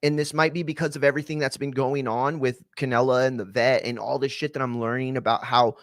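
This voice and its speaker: A man's voice: medium pitch, fairly even intonation, fairly quick, no echo, clean studio sound. A man hosting a podcast, ranting casually with lots of swearing and fillers. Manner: profane, ranting, many fillers. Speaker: podcast host. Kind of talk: casual chat.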